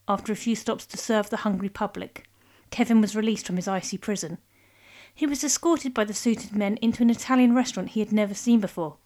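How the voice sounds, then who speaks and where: Woman narrating a comic story. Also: mid-range voice. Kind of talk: scripted narration.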